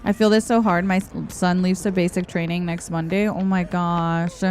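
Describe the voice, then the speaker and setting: A woman's voice: lowish voice, flat delivery, moderate pace. A young adult woman streaming a game, chatting casually, answering her chat and laughing often. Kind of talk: casual live-stream chat while gaming. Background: soft background music.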